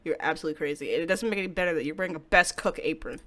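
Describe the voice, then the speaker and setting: A woman reading a young game heroine's narration and lines aloud, quiet and steady with flashes of defiance. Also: low voice, racing.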